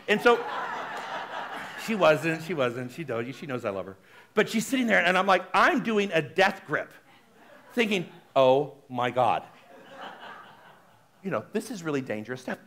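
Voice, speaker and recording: A man giving a sermon as a minister, talking in a chatty, animated way and speaking straight to the congregation. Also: fairly high pitch, moderate pace. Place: spiritual center service.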